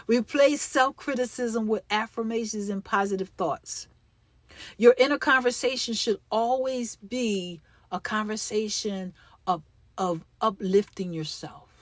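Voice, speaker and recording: Woman host, emphatic and encouraging, mid-pitched voice, dry close recording. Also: no echo. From United States. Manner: emphatic, encouraging, repeats key phrases. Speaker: podcast host. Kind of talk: faith-based motivational talk.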